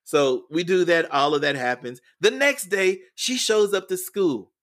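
A man's voice: sits high, a little slow, fairly bright tone. Earnest man telling a story. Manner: earnest, repeats words while building a story. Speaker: interview guest, educator. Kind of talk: storytelling in a podcast interview.

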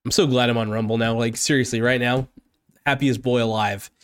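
A man's voice: mid-range voice, steady tone, brisk, smooth. Angry profane man ranting. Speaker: political vlogger. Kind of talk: unscripted political rant.

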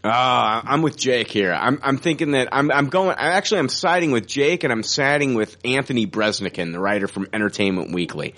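A man co-hosting a casual fan podcast, excited and rambling, swearing now and then. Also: medium pitch, fairly quick, hardly any pauses. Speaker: podcast co-host.

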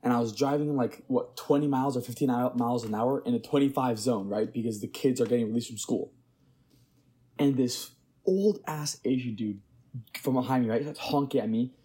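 A young man with a husky, slightly breathy voice chats casually on a podcast. He rambles through a story, stacking "like" and "right?" along the way. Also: mid-range voice, a little fast, mellow. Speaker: podcast co-host. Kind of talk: casual chat.

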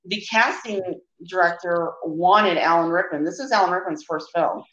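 Woman on a movie podcast chatting trivia, lowish voice, roomy dull sound. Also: normal speed. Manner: animated storyteller who acts out quotes. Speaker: podcast co-host. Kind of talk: casual chat, telling movie trivia.

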